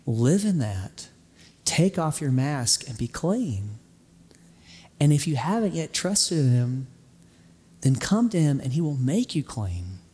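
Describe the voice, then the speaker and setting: A man preaching a sermon, telling a story earnestly and slowing down for emphasis before closing in prayer. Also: on the high side, sing-song, dark tone, long reverb tail. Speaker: pastor.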